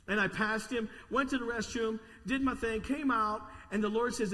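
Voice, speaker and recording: A man preaching a sermon to his congregation, telling a story in an animated way, sometimes stammering and repeating words. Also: high-pitched, fairly quick, hardly any pauses. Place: large church hall with an audience. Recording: long reverb of a church hall.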